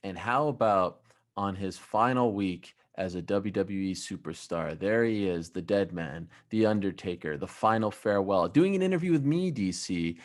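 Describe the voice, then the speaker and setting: Lower-pitched man hosting a sports podcast. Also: moderate pace. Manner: animated storyteller, hesitant restarts; wraps up with sign-off announcements. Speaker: podcast host. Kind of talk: casual sports podcast banter.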